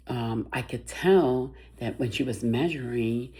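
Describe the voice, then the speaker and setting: An older woman telling a personal story about her son's illness in a soft, halting, emotional way, with many restarts. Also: rumbling low. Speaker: bereaved mother.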